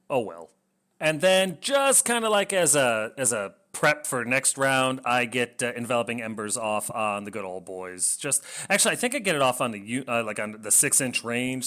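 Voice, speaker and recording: A man's voice: mid-range voice, a bit bright. A man casually narrating a tabletop wargame battle report, rambling, self-deprecating and swearing when things go wrong.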